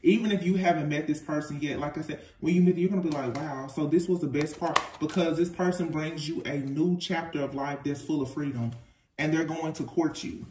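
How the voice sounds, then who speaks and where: A man's voice: a little high, a little fast, far from the mic. Chatty man reading tarot, echoey room. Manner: animated, chatty, laughs often, informal slang. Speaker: tarot reader. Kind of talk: casual tarot reading to camera. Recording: echoey room, off-mic, faint noise.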